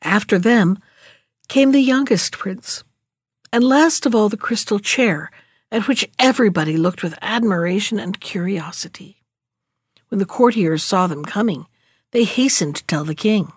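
A woman host reading a fairy tale aloud in a calm, measured storybook manner. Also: medium pitch, husky, no room sound, studio quality.

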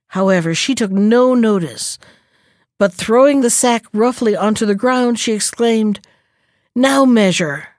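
A woman reading a fairy tale aloud in a gentle, measured storyteller manner. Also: medium pitch, no room sound, clean studio sound.

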